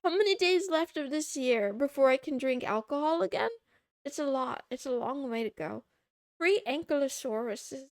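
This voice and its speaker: A woman's voice: sits high, animated, normal speed, no room sound, clean studio sound. A woman VTuber chatting casually on a live stream, giggling, teasing herself and reading viewer messages aloud. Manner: giggly, self-mocking, reads chat aloud.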